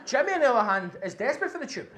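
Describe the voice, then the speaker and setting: A man's voice: very high-pitched, big pitch swings, very fast, fairly bright tone. A Glaswegian man doing a stand-up comedy set, telling brash, sweary stories and tagging lines with "right?". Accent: Scottish, Glasgow. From Scotland. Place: comedy venue on stage. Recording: roomy live club with faint noise.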